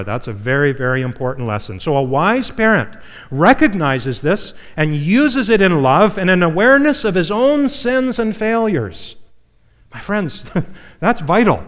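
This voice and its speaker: A man preaching a sermon as a pastor, in a conversational style, often turning to the listeners with "my friends" and "okay?". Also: on the high side. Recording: long hall reverb.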